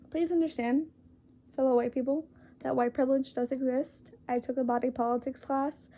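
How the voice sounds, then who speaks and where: A young woman talking earnestly to camera, halting and apologetic, with many fillers and restarts as she reads a list aloud. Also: on the high side, warm tone. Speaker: vlogger. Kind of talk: earnest casual talk to camera.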